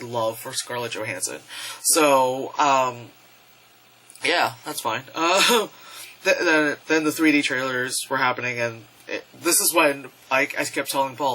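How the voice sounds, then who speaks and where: A man's voice: medium pitch, sharp tone, low-quality recording. A young man casually reviewing movies on camera, rambling, swearing freely and using lots of fillers. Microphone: camera mic.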